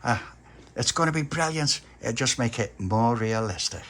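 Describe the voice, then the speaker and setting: A man's voice: medium pitch, animated, fairly bright tone. A man voicing an eager, bossy little boy, spinning a children's story. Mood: persuasive. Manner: bossy, persuasive, drawn-out emphasis.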